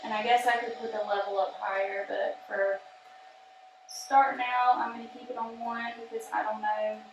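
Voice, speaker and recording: A woman's voice: on the high side, flat delivery, moderate pace, reverberant, lo-fi sound, music in the background. A woman, chatting nervously as she tests a beauty gadget on camera. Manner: chatty, nervous, says y'all. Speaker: beauty vlogger testing a product. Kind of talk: casual product test vlog.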